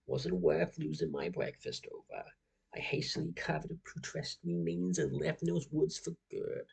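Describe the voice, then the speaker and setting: A paranoid storyteller with a put-on American accent, as a young man reads him out, gravelly and husky. He broods his way through a creepypasta in a low voice that rises and falls widely. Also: full character voice, rough recording. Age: young adult. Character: paranoid man recounting his horror tale. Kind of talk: creepypasta reading.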